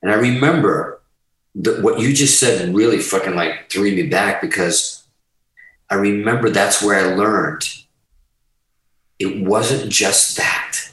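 A man guest on a podcast talks through his past in a rambling, profane, emphatic way. His voice sits a little low. He is set back from the microphone, so the room's echo carries around him. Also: slow pace, pauses often, a bit bright, far from the mic. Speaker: guest musician. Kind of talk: candid storytelling in a podcast interview.

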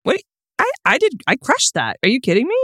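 A woman co-hosting a comedy podcast over a video call, giggly and quick to tease back. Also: high voice, huge pitch swings, sharp tone, slightly rough, no room sound, studio quality. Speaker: podcast co-host. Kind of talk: casual comedic chat.

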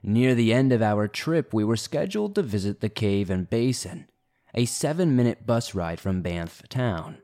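A man reading listener-submitted horror stories aloud as a steady, low-key scripted narration. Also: moderate pace.

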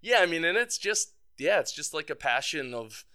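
Smooth-voiced man telling a rambling story. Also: on the high side, very animated, moderate pace, bright, forceful tone. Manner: rambling, many fillers, laughs often. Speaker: guest, band's tour manager. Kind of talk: casual storytelling in an interview.

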